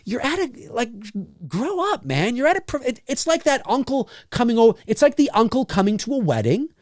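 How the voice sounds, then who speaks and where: A man's voice: extremely high pitch, brisk, no room sound, clean studio sound. A man hosting a podcast, ranting in a casual chat with lots of restarts. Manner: animated, ranting, many restarts. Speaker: podcast host.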